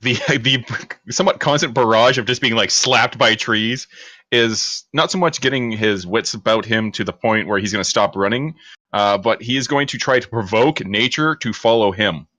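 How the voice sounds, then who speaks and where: A man's voice: fairly low pitch, normal speed, sharp tone, no room sound. A man describing his character's actions in a tabletop game, rambling and full of fillers. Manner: loose, rambling with many fillers.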